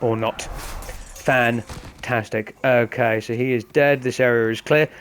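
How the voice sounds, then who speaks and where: A man's voice: medium pitch, steady tone, a little slow, noisy background. A man commenting casually on a game, explaining each step to viewers in a chatty way. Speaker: gaming host. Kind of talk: casual let's-play commentary.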